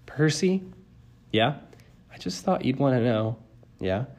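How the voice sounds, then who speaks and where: A man's voice: medium pitch, lively intonation, unhurried, darkish tone. A man voicing a nervous teenage satyr boy who hesitates and stammers.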